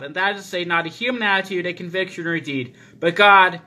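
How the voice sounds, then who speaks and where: A man preaching a sermon, reading deliberately and slowing down to stress repeated phrases. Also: high voice, bright, forceful tone. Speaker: pastor.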